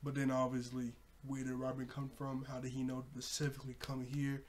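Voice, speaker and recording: A young man casually recapping a cartoon episode, laughing often and jumping up in pitch when surprised. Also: monotone, fairly quick, a little mellow, slight background noise. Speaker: show reviewer.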